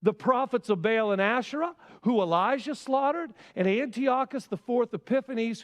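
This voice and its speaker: Male pastor mid-sermon, a touch high-pitched, swings from emphatic to hushed, reverberant church sound. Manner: dramatic swings from loud emphasis to hushed asides. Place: church sanctuary.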